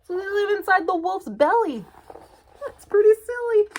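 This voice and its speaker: A woman librarian reading a picture book aloud to young children in a virtual storytime. Her voice is high and very animated, and she stops often to ask the children questions. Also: moderate pace, a little hiss or hum.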